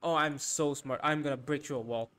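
Young man, frantic gaming commentary, slightly high voice, panicky repeated phrases, noisy recording with clicks. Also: steady tone, brisk. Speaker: gaming YouTuber.

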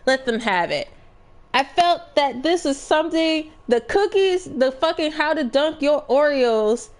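A young adult woman telling a story with animated, profane energy and lots of restarts while she plays a game. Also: a little high. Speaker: gaming streamer. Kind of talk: casual storytelling while playing.

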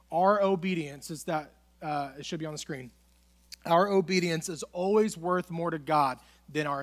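A young man preaching a casual, conversational sermon as a student pastor, acting out the Bible dialogue as he reads. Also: fairly high pitch. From United States.

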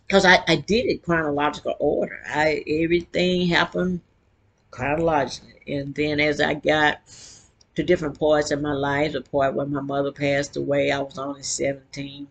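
A woman in her sixties telling her own life story in a frank, earthy, conversational way. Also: low-pitched. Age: 60s. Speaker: vlogger and author. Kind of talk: casual personal storytelling.

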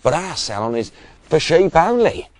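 A man voicing a gentle, soft-spoken young male sheep shearer in a storybook reading. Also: on the high side, big pitch swings, moderate pace, voice pushed up.

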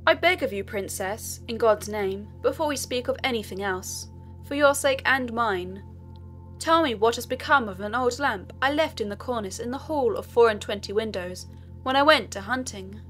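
A woman's voice: fairly high pitch, animated, normal speed, fairly bright tone, faint music behind. A woman voicing Aladdin, a desperate, earnest young man, in a pleading, urgent way.

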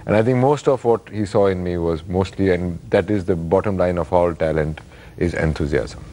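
Man, 30s, very low voice, animated guest who stammers into his anecdotes. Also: normal speed. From India. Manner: animated storyteller, acts out quotes, stammers at the start of phrases. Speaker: actor guest. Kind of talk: casual interview chat.

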